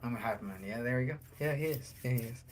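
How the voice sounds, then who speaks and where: A man's voice: mid-range voice, quick pace. A man talking loosely on a livestream, joking and cursing as he answers chat. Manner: loose and joking, curses a lot, chats with viewers.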